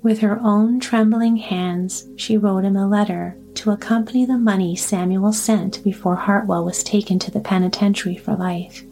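A woman narrating a storybook in a calm, even way. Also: medium pitch, moderate pace, hardly any pauses. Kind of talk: storybook reading.

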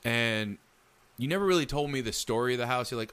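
A man telling a story in casual chat, animated and acting out the lines he quotes. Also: medium pitch, fast, clear, resonant tone. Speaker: storyteller recounting a ghost encounter.

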